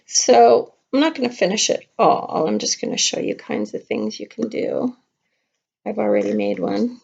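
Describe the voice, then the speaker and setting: Chatty kindergarten teacher with a gravelly voice. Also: female voice, a little high, animated, moderate pace, a little mellow. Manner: chatty, playful, talks straight to kids. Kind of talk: craft lesson for young children. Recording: dull lo-fi home video sound.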